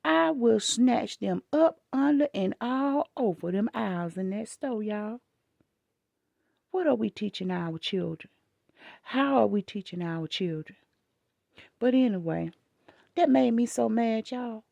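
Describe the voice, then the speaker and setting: A woman's voice: a little high, expressive, unhurried, vocal fry, long pauses, darkish tone, no room sound, dull audio. An older woman, telling a story to her viewers in an emphatic, scolding way. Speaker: vlogger.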